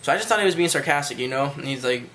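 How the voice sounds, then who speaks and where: A man's voice: mid-range voice, animated, very fast, bright, forceful tone, slight background noise. A man telling a rambling, casual story to his viewers, with loose phrasing and frequent swearing. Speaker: vlogger.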